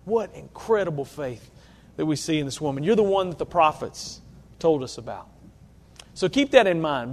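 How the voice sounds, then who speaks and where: A man's voice: on the high side, darkish tone. A man preaching a sermon to a congregation, earnest, often asking rhetorical questions. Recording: long reverb of a large hall.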